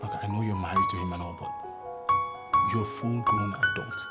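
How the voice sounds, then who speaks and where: A man voicing a supportive Nigerian friend in a film drama, low and calm as he gives firm advice. Loud music plays under his lines. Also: brisk, close to an everyday voice. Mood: reassuring. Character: supportive, blunt male friend. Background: film score.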